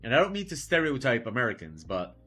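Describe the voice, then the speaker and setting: A man's voice: medium pitch, wildly swooping pitch, fast, bright, forceful tone, soft background music. A man who teaches, chatting casually and with incredulity during a live art stream, rambling and swearing now and then.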